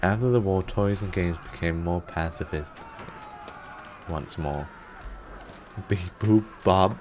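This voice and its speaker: A man's voice: low-pitched, takes it slowly, noisy background. A man from Denmark with a Danish accent, chatting casually as a streamer and reading in-game text aloud with frequent giggles. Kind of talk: casual gameplay commentary. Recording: music in the background.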